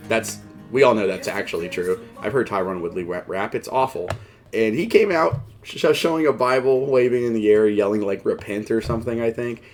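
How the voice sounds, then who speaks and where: A man hosting a mixed martial arts show, talking in a rambling, casual way full of fillers and wry, self-mocking asides. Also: mid-range voice. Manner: wry, joking, laughs at himself. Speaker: MMA show host. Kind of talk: casual commentary.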